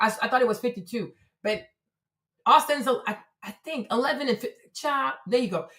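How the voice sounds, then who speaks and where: A woman hosting a casual livestream, her voice sitting a touch high. She chats loosely with her viewers, swears freely and exclaims out loud when something surprises her. The room around her sounds roomy and echoey. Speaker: livestream host. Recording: roomy echo.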